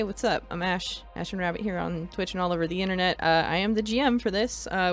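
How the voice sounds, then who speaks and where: A woman as game master, giving a relaxed and rambling stream intro with chuckles. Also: mid-range voice.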